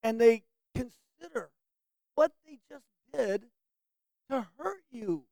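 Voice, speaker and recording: A woman's voice: fairly high pitch, expressive, takes it slowly, vocal fry, warm tone, no echo. A woman leading a Bible class, teaching the group and asking them questions to draw out answers.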